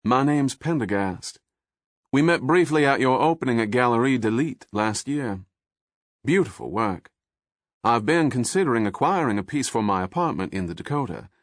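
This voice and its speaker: A man's voice: medium pitch, animated, normal speed, no room sound, clean studio sound, pitched above the performer's own voice, lightly acted. A man voicing a sly, cultured FBI agent. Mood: smooth.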